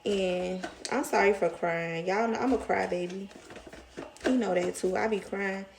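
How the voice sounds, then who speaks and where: Gravelly-voiced young woman vlogger, rambling. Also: mid-range voice, steady tone, unhurried, noisy background. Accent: Southern US. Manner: chatty, rambling, emotional. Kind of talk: casual storytime chat.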